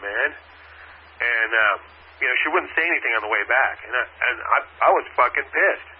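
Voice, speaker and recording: A husky man tells a rambling story full of swearing. His voice comes through thin and tinny, like a phone line. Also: mid-range voice, fast talker. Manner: profane, rambling, animated storyteller. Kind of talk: casual storytelling chat.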